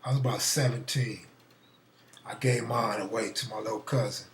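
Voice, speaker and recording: A middle-aged man, host of a live stream, telling a profane, animated story in a casual way and acting out the voices. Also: fairly low pitch, normal speed, reverberant, far from the mic, a little hiss or hum.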